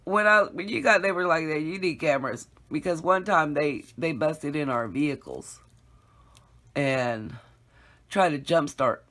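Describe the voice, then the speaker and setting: A woman's voice: low voice, measured pace, a bit bright. A middle-aged woman casually telling a rambling story to her viewers, laughing often and calling them y'all. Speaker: craft vlogger.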